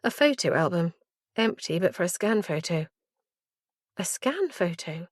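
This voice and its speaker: A woman narrating a first-person thriller audiobook in a measured, hushed delivery. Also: lowish voice, sing-song, dry recording, clean studio sound.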